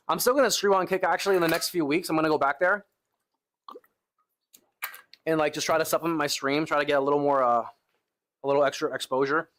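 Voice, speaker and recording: A man's voice: on the high side, quick pace, long pauses, fairly bright tone, slight background noise. Laid-back young male gym streamer. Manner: laid-back, talks to chat with lots of "bro" and "like". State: tired arms after lifting, sighing between sets. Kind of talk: casual live-stream chat.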